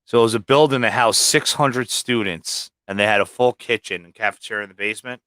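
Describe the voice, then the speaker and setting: A man's voice: mid-range voice, a little fast, bright, forceful tone, dry recording. Man telling rambling profane stories. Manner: rambling, heavily profane storytelling. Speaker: livestream guest. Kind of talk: casual storytelling.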